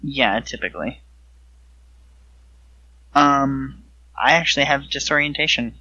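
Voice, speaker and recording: A man's voice: mid-range voice, measured pace, bright, forceful tone, no echo. A man playing a tabletop game over voice chat, hesitant with many fillers, on a dull lo-fi line. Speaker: player. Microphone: online voice chat mic.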